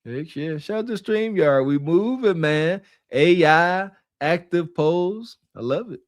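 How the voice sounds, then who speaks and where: Mocking podcast co-host, dry sound. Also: male voice, fairly high pitch, animated, takes it slowly, no echo. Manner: mocking, laughing, slangy. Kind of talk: casual reaction commentary.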